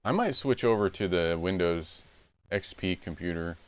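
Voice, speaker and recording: A man's voice: low-pitched, animated, normal speed, a little hiss or hum. A man live-streaming retro games, chatting casually and rambling as he plays at home. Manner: rambling, self-correcting.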